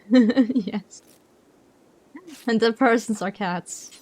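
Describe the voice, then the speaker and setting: A woman streamer chatting casually during a game, talking slowly with lots of repeated words and giggles. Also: fairly high pitch, darkish tone, slight background noise.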